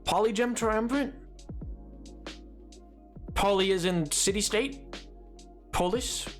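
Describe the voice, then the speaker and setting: A man's voice: high voice, slow pace, faint music behind. A man streaming live, chatting casually with viewers in a rambling, self-mocking way and laughing often.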